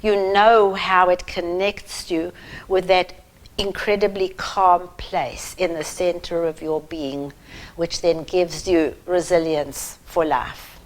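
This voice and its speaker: Slow, measured woman teaching parents. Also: on the low side, fairly even intonation, rough recording. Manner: measured and emphatic, with long pauses between phrases. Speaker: parenting educator. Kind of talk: slow, deliberate educational talk to parents.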